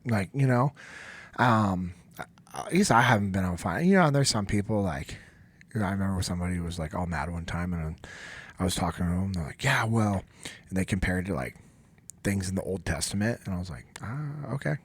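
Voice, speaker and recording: A man's voice: low voice, lively intonation, a little fast, breathy edge, no echo. An American man hosting a podcast, telling an emotional story in a casual, earnest way. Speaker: podcast host.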